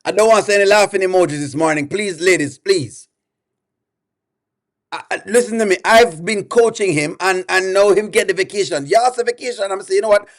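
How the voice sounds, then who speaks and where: On a live stream, a man with a high voice reacts in exasperation, pleading with his chat and repeating himself again and again.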